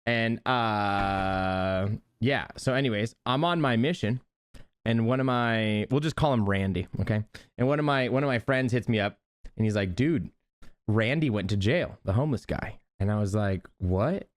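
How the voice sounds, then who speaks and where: A young man, a podcast co-host, telling an animated, laugh-prone story in casual chat. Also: fairly low pitch, moderate pace, clear, resonant tone.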